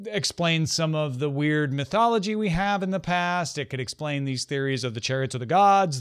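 A man's voice: mid-range voice, no echo, studio quality. A man co-hosting a casual book discussion over a video call, eager and enthusiastic. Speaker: podcast co-host.

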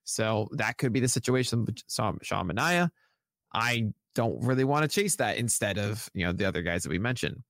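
A man's voice: fairly low pitch, animated, normal speed, fairly bright tone, no room sound, clean studio sound. A man co-hosting a fantasy baseball podcast, talking in a casual, enthusiastic and jokey way.

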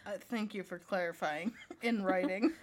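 A woman's voice: mid-range voice, normal speed. A young woman co-host, teasing and giggling as she reacts and reads aloud. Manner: giggly, teasing, laughs often. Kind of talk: casual banter and mock reading.

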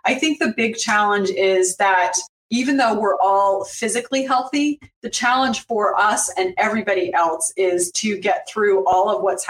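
A woman's voice: mid-range voice, echoey room, far from the mic, poor audio. A woman answering as a guest in a live-streamed interview, speaking thoughtfully and graciously.

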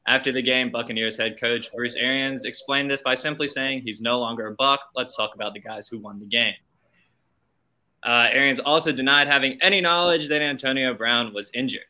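A man's voice: medium pitch, fairly even intonation, a little fast, sharp tone. A young man, a marketing intern, reading a scripted sports news story with wry asides.

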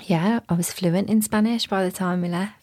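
A woman's voice: medium pitch, fairly even intonation, moderate pace, darkish tone, no echo. A woman in her thirties from Birmingham with a Birmingham accent, chatting casually as a podcast guest and laughing often. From Birmingham, England. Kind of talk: casual chat.

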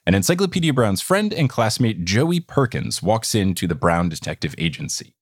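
A man's voice: fairly low pitch, husky, no room sound, studio quality. A man hosting a comedy quiz podcast, recapping stories in a playful, giggly way. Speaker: game show podcast host.

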